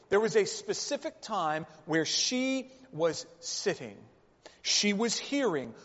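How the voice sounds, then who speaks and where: A man preaching a sermon, working through rhetorical questions and repeated phrases. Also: high-pitched. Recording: reverberant hall, dull lo-fi sound.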